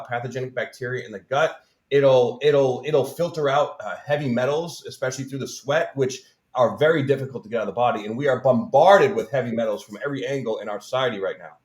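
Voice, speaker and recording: A man earnestly explaining a healing practice in casual interview talk, often checking in with "right?". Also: medium pitch. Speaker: guest healer. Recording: roomy echo.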